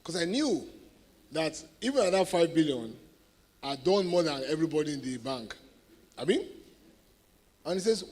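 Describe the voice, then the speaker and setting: Animated Nigerian man rallying a crowd. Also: on the high side, moderate pace, pauses often. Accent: Nigerian English. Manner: animated storyteller who keeps asking the audience if they follow. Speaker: guest speaker at a sales event. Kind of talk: motivational talk to an audience.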